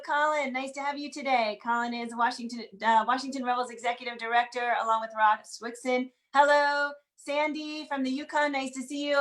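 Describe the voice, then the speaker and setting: A woman hosting an online group singalong over a video call, greeting people quickly and giving announcements in an upbeat, casual way. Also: sits high, a bit bright.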